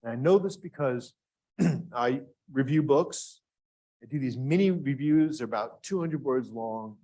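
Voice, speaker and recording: A man's voice: medium pitch, animated, a little slow, dark tone. Man teaching a writing workshop. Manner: engaging, asks the audience questions. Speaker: grant writing workshop instructor. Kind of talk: live workshop lecture. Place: classroom with live and remote audience.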